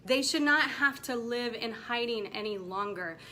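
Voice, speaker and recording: Woman, 40s, motivational coach, bright forceful tone, slightly high, faint rumble under it. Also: lively intonation, moderate pace. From United States. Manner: emphatic, passionate, preachy. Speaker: women's coach. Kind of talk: direct-to-camera motivational talk.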